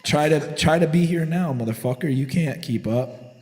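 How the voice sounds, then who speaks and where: A man's voice: a little high, normal speed, darkish tone, big-room sound. Profane, swaggering forty-year-old man in a garage. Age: 40s. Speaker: podcast co-host. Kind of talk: casual storytelling chat.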